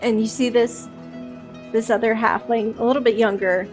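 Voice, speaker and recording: A woman running a tabletop game as game master, relaxed and quick to laugh. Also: fairly high pitch, over music.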